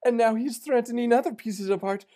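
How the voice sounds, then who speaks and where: A man's voice: very high-pitched, brisk, warm tone. A man voicing a snooty, effusive female art lover in an improvised comedy podcast, gushing theatrically over pretentious pieces. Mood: accusing.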